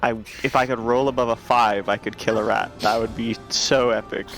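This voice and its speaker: Male co-player, mid-pitched voice, joking and deadpan, faint music behind. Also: moderate pace. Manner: joking, playful, deadpan asides. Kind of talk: casual gaming chat.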